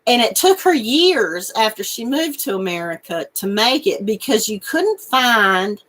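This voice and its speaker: A woman's voice: fairly high pitch, sing-song, unhurried, a bit bright. A woman hosting a crochet channel, chatting casually with viewers and laughing and snorting often. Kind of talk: casual live chat reading viewer comments.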